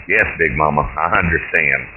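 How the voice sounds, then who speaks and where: A man's voice: rumbling low, moderate pace. A man voicing a nervous, dutiful young great-grandson in a short story, speaking hesitantly and earnestly. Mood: anxious. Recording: tinny phone-like line with hiss.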